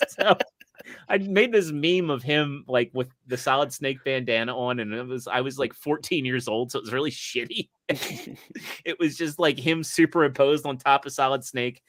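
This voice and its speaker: A man's voice: medium pitch, normal speed, fairly bright tone, no echo, studio quality. A man hosting a casual online show, rambling and laughing as he tells stories. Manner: rambling, laughs often, restarts. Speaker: podcast host. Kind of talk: casual chat.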